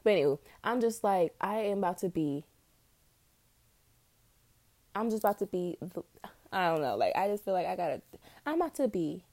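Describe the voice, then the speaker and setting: Blunt, cursing young woman rambling high. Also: big pitch swings, normal speed, long pauses, darkish tone, dry recording. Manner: profane, blunt and scattered. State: high on weed. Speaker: podcast host. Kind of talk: casual rambling monologue.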